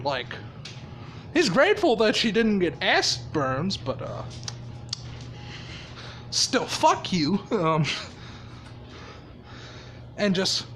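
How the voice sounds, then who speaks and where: A man spins a made-up story in a loose, rambling way, swearing freely and laughing at his own ideas. His voice sits slightly high and he talks slowly, with faint noise behind him. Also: a bit bright. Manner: rambling, profane, laughs often. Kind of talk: casual storytelling.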